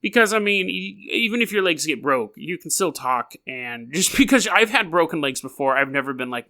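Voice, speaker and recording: A young man hosts his podcast in a loose, rambling storytelling style, breaking off for jokey asides. His voice sits a little high and rings bright and forward. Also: animated, normal speed, few pauses. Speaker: podcast host.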